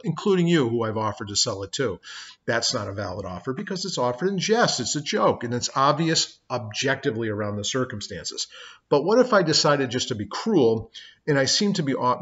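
A man's voice: medium pitch, a bit bright, lo-fi sound. A middle-aged man teaching law in a conversational lecture, telling personal stories as examples. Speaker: law instructor. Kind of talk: recorded lecture. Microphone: webcam.

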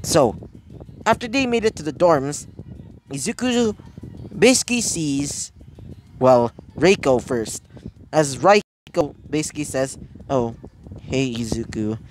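A man's voice: on the high side, lively intonation, a little slow, pauses often, soft background music, rough recording. A man casually narrating a fan story, rambling with lots of fillers and correcting himself as he goes.

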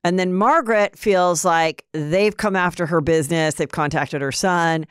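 A woman's voice: moderate pace, clean tone, dry recording, studio quality. A woman hosting a casual gossip podcast, telling stories and acting out quotes. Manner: chatty storyteller, acts out quotes in higher voices. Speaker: podcast host.

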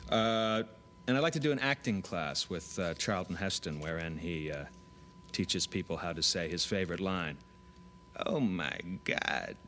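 A man's voice: low-pitched, a little hiss or hum. A man auditioning as a comedian, talking plainly between bursts of character voices. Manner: animated, rapid switches between voices and his plain delivery.

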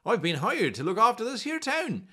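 A man's voice: very high-pitched, wildly swooping pitch, normal speed, sharp tone, breathy edge, voice pushed up, heavily acted. A man doing a plucky young town guard, earnest and dim. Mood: dutiful. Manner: eager, earnest, polite.

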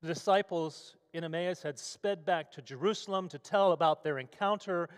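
A man's voice: fairly high pitch, normal speed, clear, resonant tone. A male pastor delivering a sermon with vivid, storytelling scene-setting. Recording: long hall reverb.

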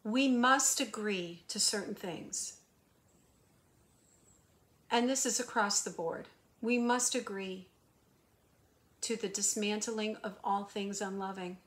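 In a mid-range voice, speaking slowly and pausing often, a woman offers a spiritual guidance monologue as a hypnotherapist and intuitive channeler. She preaches emphatically, relying on rhetorical questions and shifting between hushed asides and raised emphasis.

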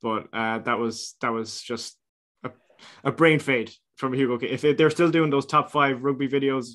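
A man's voice: medium pitch, fairly even intonation, normal speed, fairly bright tone. A young Irish man co-hosting a podcast, telling stories in a casual chat with frequent laughs. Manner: laughs often, chatty storytelling with restarts. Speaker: podcast co-host.

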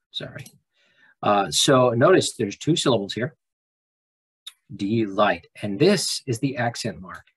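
A man walks students through a lesson on his screen in a casual, folksy voice-over. His voice sits low and sounds very raspy and husky. He speaks loosely, with filler sounds and small restarts. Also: poor audio. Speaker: teacher.

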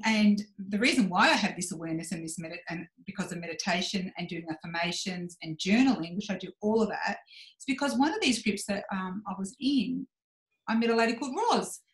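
Animated, brisk, and a bit bright, this mid-range voice belongs to a woman in her forties appearing as a podcast guest. She tells her story frankly and thoughtfully, voicing her inner self aloud, in an echoey, roomy recording.

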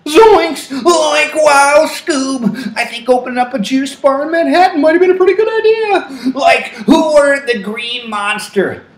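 A man's voice: extremely high pitch, unhurried, hardly any pauses, reverberant. A man voicing a goofy, easily startled stoner slacker from a cartoon, drawling and yelping. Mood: goofy excited.

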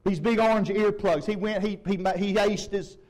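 A man preaching a fervent sermon, shouting in bursts and calling out to the congregation. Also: high voice, fairly even intonation, normal speed, low-quality recording. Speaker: pastor.

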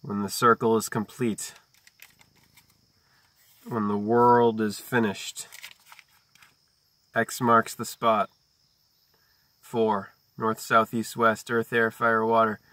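A man with a lowish voice reads a book aloud on his video in a measured, quiet way. Between passages he drifts into slow, chant-like strings of wordplay. The sound is dry and close, with little room echo. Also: flat delivery. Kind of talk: reading aloud mixed with free-associating musings.

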